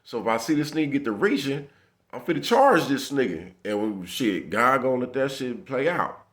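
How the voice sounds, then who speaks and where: A man recounting a tense run-in on the street, talking loosely in heavy profane slang. He acts out both sides of the exchange in quoted lines. His pitch sits in a middle range for a man. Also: big pitch swings, moderate pace, fairly bright tone. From Los Angeles area. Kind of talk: casual storytelling.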